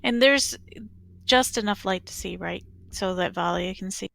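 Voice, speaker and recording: A woman's voice: mid-range voice, moderate pace, gravelly, fairly bright tone. A woman playing a tabletop game, thinking aloud in a tentative way. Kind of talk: casual game chat.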